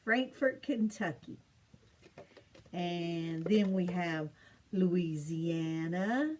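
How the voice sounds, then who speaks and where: A middle-aged woman teaching children, slow and patient, repeating each answer in a sing-song lilt. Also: on the low side, lively intonation, a little mellow, dull audio, slight background noise. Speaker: teacher of state capitals to children. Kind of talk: slow home-made lesson for children.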